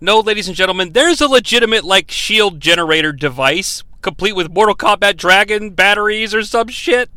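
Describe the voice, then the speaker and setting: Animated, swearing movie-review host. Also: male voice, high voice, fairly quick, few pauses, clear, resonant tone, no room sound. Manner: profane, sarcastic ranting. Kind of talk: comedic movie review rant.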